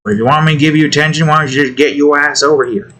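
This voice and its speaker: A man's voice: fairly high pitch, steady tone, rapid-fire, sharp tone. Man muttering while drawing, scolding his cat. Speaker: artist drawing on stream. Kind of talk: casual commentary while drawing.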